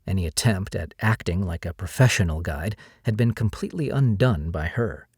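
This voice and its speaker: A male audiobook narrator with a low voice reads a novel in a steady storytelling manner. The recording is dry and close, with no room sound around him. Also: moderate pace, few pauses, slightly rough, no room sound. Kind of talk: scripted narration.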